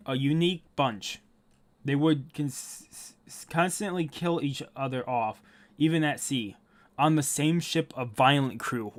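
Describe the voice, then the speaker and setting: A man reading a comic aloud and reacting with loud, swearing asides. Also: on the high side. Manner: swears often, reads text aloud with excited asides. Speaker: manga reaction host.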